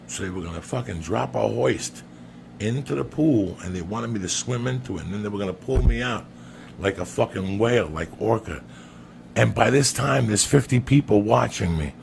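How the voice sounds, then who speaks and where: A man's voice: on the low side, animated, moderate pace, creaky, slight background noise. A man telling a crude, comic story on a podcast, swearing often and calling his listener by name. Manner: profane, emphatic, keeps addressing the listener by name.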